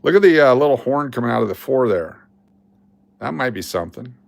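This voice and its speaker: A man hosting a casual live coin-hunting stream, excitable and chatty with his viewers as he sorts rolls of coins. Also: medium pitch, brisk, creaky, no echo. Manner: excitable, hypes finds, chats with viewers. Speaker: coin roll hunting livestream host.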